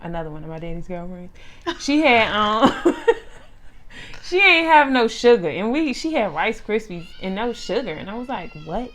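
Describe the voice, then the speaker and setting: A woman co-hosting a casual chat, telling animated stories, laughing often and swearing freely. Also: medium pitch, normal speed. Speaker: podcast co-host.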